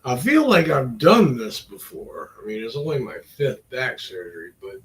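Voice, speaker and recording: A man's voice: medium pitch, sing-song, normal speed, a bit bright, rough recording. A middle-aged man rambling in a casual vlog, wry and self-deprecating, trailing off between thoughts. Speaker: vlogger.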